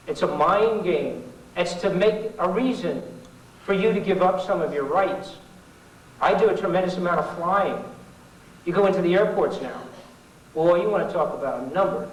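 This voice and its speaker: A middle-aged man giving an informal political talk to an audience, folksy and sarcastic, rambling with asides. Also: a little high. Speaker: public speaker. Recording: echoey 1990s hall recording from far off.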